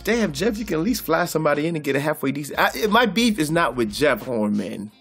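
A man doing loud, profane, comedic boxing commentary in a vlog, laughing often and calling out like a preacher. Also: fairly high pitch, sing-song, fairly quick, soft background music. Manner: boisterous, profane, laughs a lot, preacher-style call-outs. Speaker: boxing vlogger.

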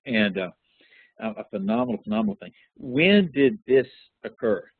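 Husky-voiced man teaching over a phone line. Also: mid-range voice, moderate pace, dry recording. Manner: relaxed, conversational teaching with frequent fillers. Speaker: Bible study teacher. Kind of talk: interactive Bible lesson.

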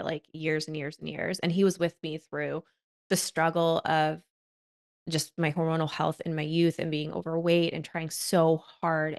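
A woman hosting a podcast and chatting casually about her coaching, heartfelt and with frequent "like" fillers. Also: sits low. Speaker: podcast host and wellness coach.

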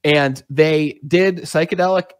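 Male podcast host, earnest and chatty storyteller, slightly high voice, dry close recording. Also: measured pace, clean tone, no room sound. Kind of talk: conversational interview.

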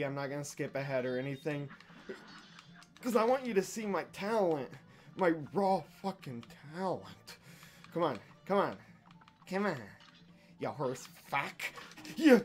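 A young man narrating his own boss fight in a casual let's-play, his pitch leaping wildly from mutters to shouts. He talks slowly and curses freely, and faint music plays behind him. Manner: profane, excitable, yelling at the boss. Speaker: gaming YouTuber.

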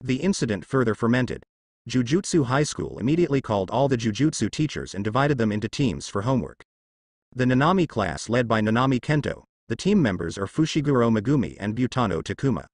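A man narrating a translated fan novel in an even, unbroken reading voice. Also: mid-range voice, a little fast, dry recording, studio quality.

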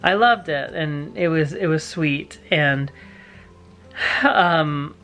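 A man's voice: on the high side, takes it slowly, soft background music. A young man vlogging with his wife, telling a heartfelt family story in casual chat. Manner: warm, emotional storytelling with laughs.

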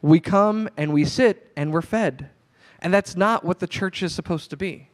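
A man's voice: high-pitched, moderate pace. A male pastor giving a sermon in a conversational, storytelling way. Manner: conversational storytelling, animated retelling.

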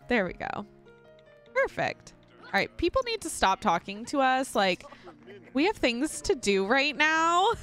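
A young woman hosting a gaming channel gives casual let's-play commentary on her life-sim game, gushing and giggling often. Her voice is mid-range with a fairly bright tone.

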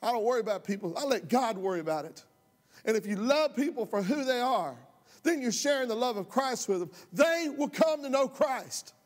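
High-pitched guy preaching, fired up and folksy, big echoey church hall. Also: animated, a little fast. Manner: impassioned, folksy, rising to loud outbursts. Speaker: pastor. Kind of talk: sermon. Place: church sanctuary. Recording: long hall reverb.

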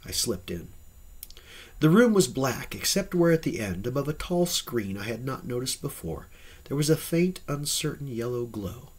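A man with a husky voice reading an audiobook in an expressive, varied storytelling manner. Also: mid-range voice, normal speed. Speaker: audiobook reader. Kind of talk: audiobook narration.

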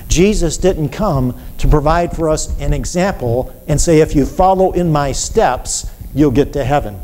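A man preaching a sermon, telling a story with animated delivery and acting out cries for help. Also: mid-range voice, slight background noise. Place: church. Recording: reverberant church hall with faint ambience.

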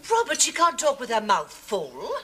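An actress playing a fussy, prim and genteel hostess in a studio sitcom. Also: female voice, on the high side, huge pitch swings, normal speed. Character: prim, house-proud genteel hostess, middle-aged woman. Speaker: sitcom character. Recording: hissy TV tape with studio audience laughter.

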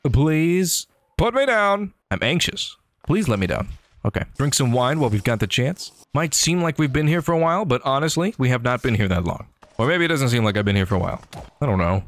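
Man, gaming commentary, excitable, joking, talks to enemies. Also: mid-range voice, quick pace, dry recording. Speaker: gaming YouTuber. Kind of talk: game commentary.

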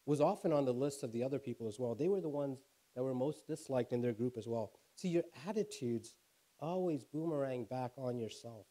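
A middle-aged man preaching a sermon as pastor, telling stories and rising in pitch and force to drive points home. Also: dark tone.

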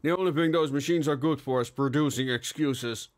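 A man voicing a middle-aged plump police inspector who talks in a deadpan, sardonic way in a steampunk audiobook. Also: medium pitch, brisk, natural voice. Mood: dry. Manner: deadpan, mumbling.

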